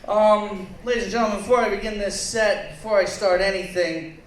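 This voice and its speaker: A man's voice: high voice, fairly even intonation, brisk. A man performing a stand-up comedy set in a bar, crude, rambling and self-mocking. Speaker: stand-up comic and co-host. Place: bar lounge stage. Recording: echoey bar room, faint noise, distant mic.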